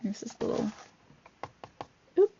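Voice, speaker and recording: A woman's voice: measured pace, warm tone. A woman vlogger reading a picture book aloud, with chatty asides and fillers between pages. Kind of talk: casual read-aloud with commentary. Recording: dull lo-fi recording.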